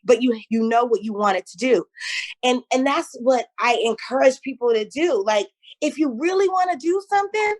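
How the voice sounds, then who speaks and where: In a casual interview, a middle-aged woman who runs a business tells lively stories, performing each quoted voice herself. She speaks at a normal speed in a slightly high voice.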